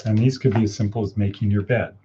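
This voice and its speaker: A man's voice: on the low side, steady tone, fast talker, warm tone, dull audio, slight background noise. A man hosting a casual morning coaching livestream, upbeat and encouraging as he reads viewer comments and guides listeners through steps.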